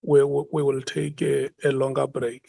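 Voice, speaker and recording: A man's voice: medium pitch, completely flat delivery, moderate pace, gravelly, dark tone, dry recording. A man chairing a parliamentary hearing, hesitant and often repeating words as he restarts. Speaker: committee chair.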